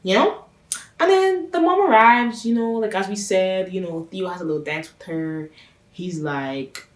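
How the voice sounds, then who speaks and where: A woman's voice: mid-range voice, lively intonation, moderate pace. A woman hosting her own channel, recapping a TV series in a chatty, gossipy way and stressing her points by repeating them. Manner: chatty, gossipy, emphatic with repetitions. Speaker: reaction channel host. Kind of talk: casual TV recap commentary. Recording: roomy sound from a distance off the mic.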